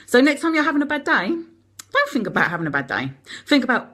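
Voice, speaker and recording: A woman with a Cockney accent hosting a live stream, chatting rapidly and encouragingly to her viewers. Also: sits high, big pitch swings, sharp tone. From London. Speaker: host of a live support video. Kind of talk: casual live-stream chat.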